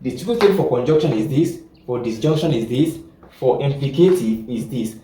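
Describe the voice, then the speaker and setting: A man's voice: mid-range voice, lively intonation, dark tone, a little hiss or hum. Echoey male teacher, keeps checking in. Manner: repetitive, keeps checking that listeners follow; halting, self-correcting explanations. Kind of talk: classroom lecture. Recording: echoey room, distant mic.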